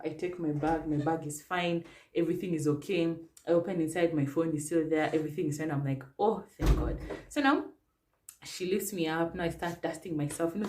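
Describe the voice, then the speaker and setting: Kenyan woman vlogger, young, slightly low voice, lively casual storytelling. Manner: chatty, animated, filler-heavy.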